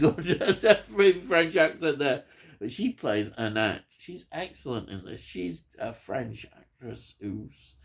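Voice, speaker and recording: A man's voice: a little high, creaky. A man, reviewing a film in a rambling, enthusiastic chat full of ums.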